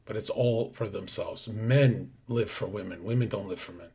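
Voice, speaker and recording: Husky brash streamer man. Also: fairly low pitch, normal speed. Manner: brash, crude, drops into hushed whispers. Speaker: streamer host. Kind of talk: casual livestream talk.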